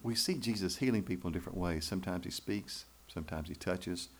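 Speaking low and fast, a male pastor delivers a folksy, emphatic church sermon, throwing rhetorical questions out to his congregation.

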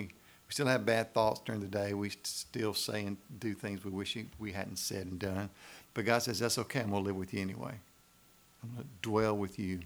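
A man's voice: fairly low pitch, vocal fry. A man preaching a sermon, speaking in a folksy, conversational way and often asking the congregation "right?". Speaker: pastor.

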